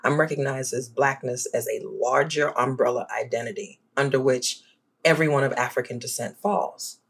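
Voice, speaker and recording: A guest scholar from New Orleans with a New Orleans accent, talking in an animated, emphatic way in a podcast conversation. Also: moderate pace, slightly rough. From New Orleans, USA. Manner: animated, emphatic, swings up high when excited.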